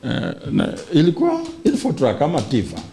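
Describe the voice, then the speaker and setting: A man's voice: on the high side, huge pitch swings, brisk, vocal fry, mellow. A man with a Kenyan accent, a political guest on a podcast, arguing emphatically and mixing Swahili into his English. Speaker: political guest, senatorial aspirant. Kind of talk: animated political podcast debate.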